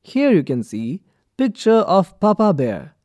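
Guy reading a kids story slow and careful, mellow tone, lots of ups and downs. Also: high voice, huge pitch swings, no room sound, muffled recording. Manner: clear deliberate read-aloud for learners. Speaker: textbook reader.

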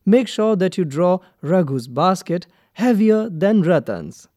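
Woman narrating a kids' textbook, mellow, varied pitch. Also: very animated, no room sound, clean studio sound. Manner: careful, slow, instructional. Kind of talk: scripted children's textbook narration.

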